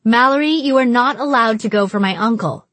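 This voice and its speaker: A woman's voice: fairly high pitch, measured pace, no room sound, pitched above the performer's own voice. A woman voicing an earnest young woman who insists firmly and sounds exasperated. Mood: insistent. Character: earnest young woman, firm protective friend.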